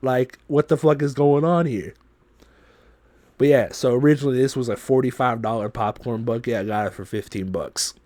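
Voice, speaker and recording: A man hosting a podcast, telling a story in a loose, profane, animated way. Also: mid-range voice, moderate pace. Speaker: podcast host.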